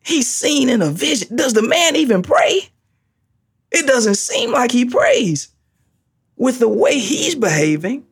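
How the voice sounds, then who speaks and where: Brief: husky, gravelly preacher, slow and emphatic, pitch swings widely through the sermon. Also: very animated. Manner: emphatic, repeats key phrases, laughs often.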